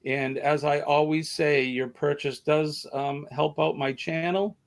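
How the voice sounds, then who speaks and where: A man's voice: a little high, steady tone, a little slow, creaky. Rambling chatty Southern American man. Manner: rambling, chatty, many fillers. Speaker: livestream host. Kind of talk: casual live-stream chat.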